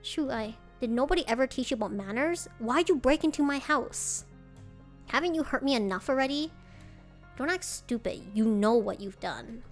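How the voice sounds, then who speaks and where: A woman voicing a wounded young male demon who turns sharp and indignant, in a fan-made dating game. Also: high voice, expressive, normal speed, faint music behind. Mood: angry. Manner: pleading, then sharp and indignant.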